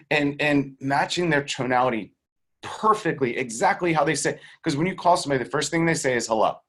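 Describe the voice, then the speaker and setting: A man being interviewed as a sales coach, teaching in a casual, animated way and acting out the voices of the people in his stories. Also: fairly high pitch, a little fast. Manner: animated storyteller who acts out quoted voices; swears casually and laughs between points. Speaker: guest real estate sales coach.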